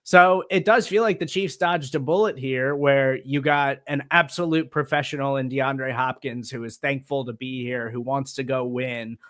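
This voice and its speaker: Bright, analytical male co-host. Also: medium pitch, normal speed, few pauses. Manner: steady analytical delivery, dry teasing. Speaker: podcast co-host. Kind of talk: casual sports chat.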